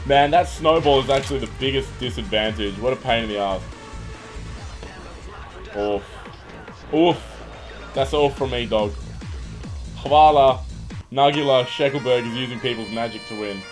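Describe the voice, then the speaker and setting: A man's voice: mid-range voice, moderate pace, long pauses, rough recording. A young man giving casual live commentary over a shooter game, swearing freely and yelping when things go wrong. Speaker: streamer. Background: game music and gunfire.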